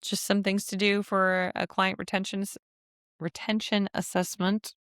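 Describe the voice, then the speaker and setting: A woman's voice: medium pitch, flat delivery, measured pace, fairly bright tone, dry recording, studio quality. A woman hosting a casual solo podcast, chatty and laughing often as she acts out little quotes. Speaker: podcast host.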